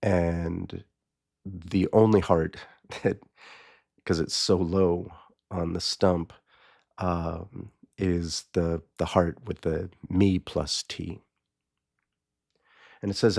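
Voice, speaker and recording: A man's voice: low voice, little pitch movement, takes it slowly, vocal fry, long pauses, a little mellow. A man hosting a podcast, casually retelling a children's book and musing as he goes, often restarting and repeating words. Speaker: podcast host.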